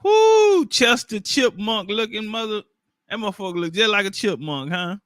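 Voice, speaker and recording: High bright-voiced man, rambling and profane. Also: fairly even intonation, moderate pace, dry recording, clean studio sound. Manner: loose, rambling, laughing, street slang. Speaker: commentator. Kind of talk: casual profane commentary. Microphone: own microphone.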